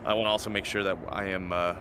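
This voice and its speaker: A man's voice: low-pitched, level tone, quick pace. A man leading a roleplay group in casual voice chat, with many hesitant fillers. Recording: loud background noise.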